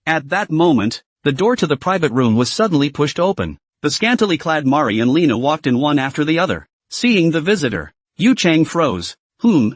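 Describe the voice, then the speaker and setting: A man's voice: a little high, sing-song, a little fast, few pauses, no echo. A man narrating a comic story recap in a dramatic storytelling manner.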